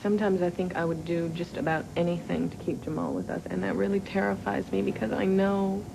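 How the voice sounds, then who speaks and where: A gravelly, anxious young mother. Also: lowish voice, little pitch movement, a little fast, background noise. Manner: anxious and earnest. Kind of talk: 1990s daytime soap acting.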